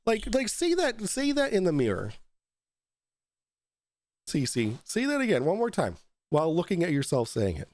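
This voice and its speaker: A man's voice: high-pitched, wildly swooping pitch, moderate pace, long pauses, a little mellow. A man hosting a talk show, ranting profanely and mockingly, taking shots as he goes. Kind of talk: ranting commentary.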